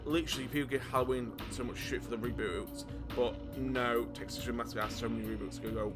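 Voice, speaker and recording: A man's voice: medium pitch, brisk, hardly any pauses, music in the background. A man ranting casually about horror movies, stammering and swearing, exasperated.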